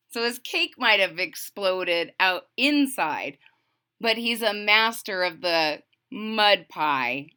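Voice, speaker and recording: A woman's voice: on the low side, bright, forceful tone, smooth. A woman reading a picture book aloud to children, stopping to explain the story in chatty asides.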